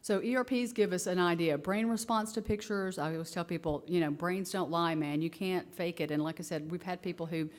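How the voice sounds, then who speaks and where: A woman's voice: fairly low pitch, fairly quick, hardly any pauses. Chatty woman giving a conference talk. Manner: animated storytelling, acting out quoted kids and herself; casual and conversational, many fillers like "you know" and "like". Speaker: researcher presenting to parents.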